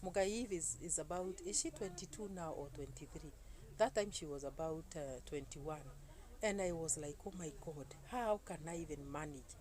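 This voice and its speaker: A woman, telling a story to camera in an animated way, full of exclamations. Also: fairly low pitch, normal speed, poor audio. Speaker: YouTuber. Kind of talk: casual talk to camera. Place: indoors, seated. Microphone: phone camera.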